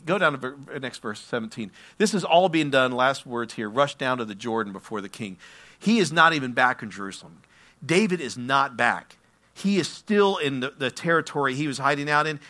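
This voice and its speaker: Male pastor, verse-by-verse sermon, bright forceful tone, lively storyteller. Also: on the high side. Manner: animated storytelling with acted-out quotes; asides and self-corrections while reading scripture.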